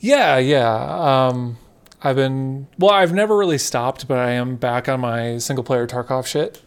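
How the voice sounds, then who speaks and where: Male podcast co-host with a strong vocal fry, relaxed and conversational, mid-pitched. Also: unhurried. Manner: relaxed, conversational, loosely descriptive. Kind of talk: casual podcast chat.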